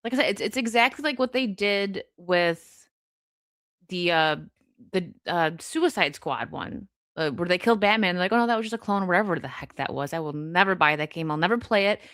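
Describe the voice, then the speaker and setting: A young woman hosting a live stream, reading chat and chatting casually, laughing often with quick asides. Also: on the low side, expressive, a bit bright, dry recording, clean studio sound.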